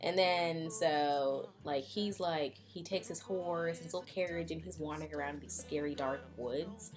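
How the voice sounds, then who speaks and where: A woman vlogger retells a story in a sarcastic, rambling way, with fillers everywhere. Her voice is low, and music plays clearly underneath. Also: normal speed. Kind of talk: casual, joking retelling.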